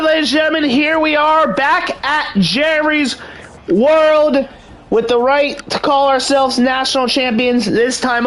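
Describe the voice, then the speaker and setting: A young man giving excited play-by-play commentary over a video game in a hyped, mock sports-announcer manner. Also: extremely high pitch, low-quality recording. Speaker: gaming channel host.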